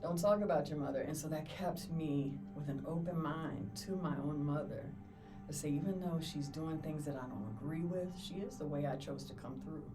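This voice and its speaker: Middle-aged lady doula telling stories, low voice, kinda far from the mic w/ music playing. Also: moderate pace. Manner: animated storyteller, acts out quotes, laughs often. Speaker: podcast guest, doula. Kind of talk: casual storytelling interview. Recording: distant mic with clear music behind.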